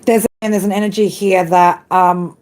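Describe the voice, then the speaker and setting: A woman's voice: mid-range voice, steady tone, normal speed, darkish tone. Blunt, cussing woman reading tarot. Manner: blunt, profane, tag questions after every phrase. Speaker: tarot reader. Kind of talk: live tarot reading monologue.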